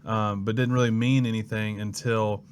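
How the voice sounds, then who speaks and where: Speaking at normal speed in a voice on the low side, a young student pastor from Mississippi relates his story in an informal interview, with slight background noise present. He's an animated storyteller who acts out whoever he quotes.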